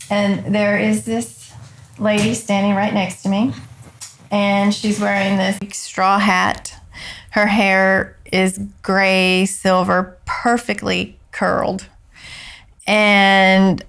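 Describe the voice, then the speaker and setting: A woman, a grieving mother telling her story slowly and haltingly, often soft and near tears. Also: medium pitch, gravelly. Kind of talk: emotional storytelling interview.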